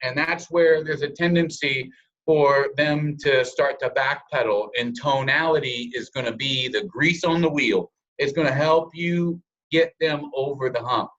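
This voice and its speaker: A man's voice: medium pitch, measured pace, a bit bright, lo-fi sound. A man giving a sales training presentation over a call, coaching listeners and acting out example scripts in different tones.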